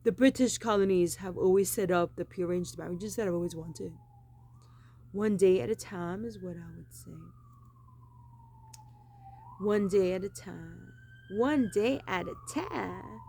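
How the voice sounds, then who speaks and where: A woman's voice: medium pitch, moderate pace, dark tone, slight background noise. A woman giving a rambling, insistent monologue, repeating the same phrases emphatically. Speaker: vlogger.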